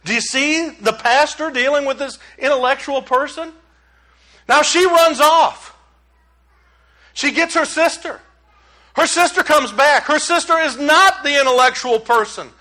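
Male pastor, sermon, conversational and emphatic, very high and bright voice. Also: measured pace, rough recording. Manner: conversational, emphatic, rhetorical questions.

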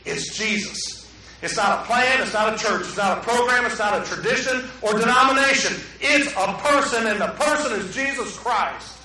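A middle-aged man, preaching a sermon to a room, swinging from hushed to loud. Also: very high voice, moderate pace, reverberant, far from the mic, slight background noise, low-quality recording. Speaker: pastor. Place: room with an audience.

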